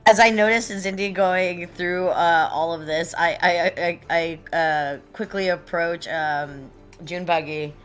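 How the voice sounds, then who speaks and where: A woman with a very low voice plays a tabletop game with a dry, wry manner, stammering when unsure. Faint music sits in the background. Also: steady tone, slow, few pauses, a bit bright. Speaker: player. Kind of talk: playing a tabletop game in character.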